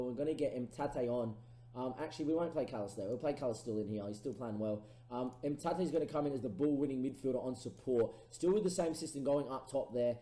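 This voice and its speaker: A man's voice: a little high, echoey room, poor audio. Man commenting on his football game. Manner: thinks aloud, erupts into excited goal calls. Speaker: gaming streamer. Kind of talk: casual gameplay commentary.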